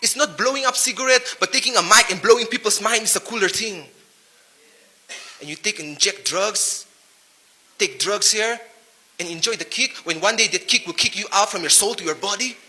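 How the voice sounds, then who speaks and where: A man's voice: sits high, normal speed, sharp tone. A man with a Naga accent giving a preachy motivational talk to young men, full of rhyming wordplay and rhetorical questions.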